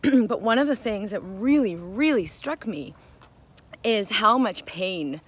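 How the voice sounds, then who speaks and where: A woman's voice: medium pitch, slow. A woman, middle-aged, talking through a personal reflection in a casual, conversational way, full of fillers and restarts. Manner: acts out quoted voices with animated emphasis. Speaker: mind-body wellness teacher.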